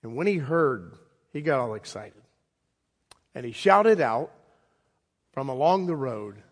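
A man preaching a sermon in a conversational storytelling manner, with dramatic pauses. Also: mid-range voice, very animated. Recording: long hall reverb.

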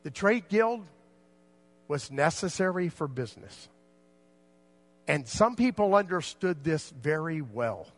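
A man's voice: a little high, big pitch swings, slow, pauses often. A man giving a conversational Bible teaching sermon, asking the listeners many rhetorical questions. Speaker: preacher. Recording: long reverb of a large hall.

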